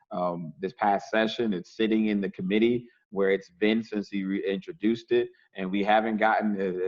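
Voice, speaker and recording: Low-voiced legislator explaining deliberately. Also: male voice, muffled recording. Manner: deliberate and explanatory, with repeated words. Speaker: state legislator. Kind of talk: panel discussion remarks.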